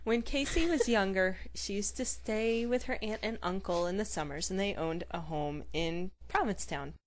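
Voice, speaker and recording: A woman co-hosting a podcast, telling a story in casual chat, animated and building to loud pleading. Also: mid-range voice, moderate pace. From New Mexico. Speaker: podcast co-host.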